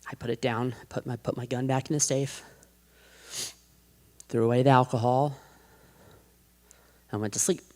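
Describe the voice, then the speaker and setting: Man of medium pitch telling his testimony to a crowd; chaotic and rambling, sinks to a quiet hush when it gets heavy. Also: fairly even intonation, normal speed, pauses often. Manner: rambling, self-described chaotic, with many restarts; drops to a hushed, quiet voice at heavy moments. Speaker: guest giving a testimony. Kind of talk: personal faith testimony to an audience.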